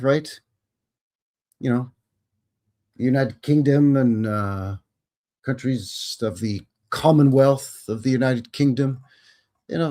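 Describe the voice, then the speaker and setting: A man's voice: medium pitch, darkish tone. Canadian man reading with wry asides. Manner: reads text aloud then adds wry asides; folksy, says "bud" and "eh". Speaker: livestream host. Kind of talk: casual commentary reading aloud.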